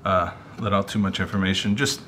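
A man filming a solo ghost-hunting vlog, excited and coughing, short of breath from the dust. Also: low voice, a little fast, a little hiss or hum. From United States. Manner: excited, exclaiming to viewers. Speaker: paranormal investigator vlogger.

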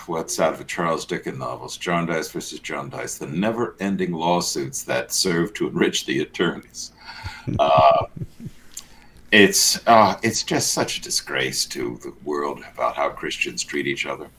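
A man's voice: extremely low pitch, animated, unhurried, fairly bright tone, slight background noise. A man co-hosting a church news show, giving blunt, sardonic commentary in casual banter.

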